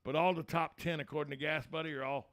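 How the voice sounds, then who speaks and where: A man's voice: a little high, steady tone, quick pace, a bit bright. A man hosting a local radio talk show, folksy, joking and opinionated.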